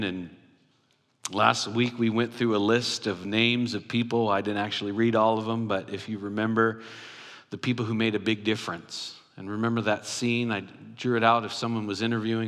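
Guy preaching a sermon, acts out little dialogues, echo hanging in a big hall. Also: lowish voice. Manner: animated storytelling, acts out voices. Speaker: pastor. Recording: long hall reverb.

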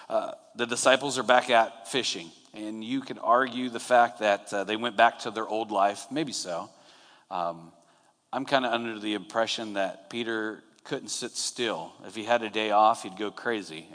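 A man preaching a sermon in a relaxed, conversational way, retelling scenes and acting out quotes. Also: lowish voice. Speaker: pastor. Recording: long hall reverb.

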